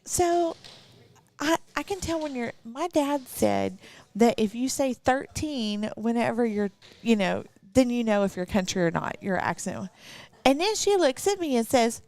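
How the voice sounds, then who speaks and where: Gravelly woman with a Texas country accent. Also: fairly high pitch, unhurried. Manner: laughs often, tells animated stories. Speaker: archery commentator. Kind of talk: live sports commentary chat.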